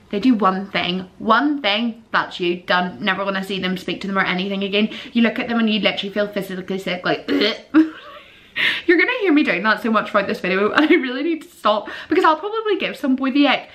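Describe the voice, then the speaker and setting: Young woman vlogger, chatty and giggly, high lively voice with big swoops. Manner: giggly, animated, swoops into squeals and disgusted groans. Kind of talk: casual chatty vlog.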